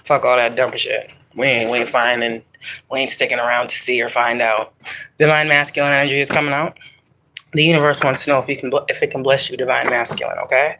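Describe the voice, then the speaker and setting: A woman talks through a spiritual tarot reading in a bright, forceful voice. She rambles and swears freely. She stresses her points with loose, emphatic repetition. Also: extremely low pitch, steady tone, a little fast, a little hiss or hum, low-quality recording. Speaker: psychic tarot reader. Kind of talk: casual spiritual reading to viewers.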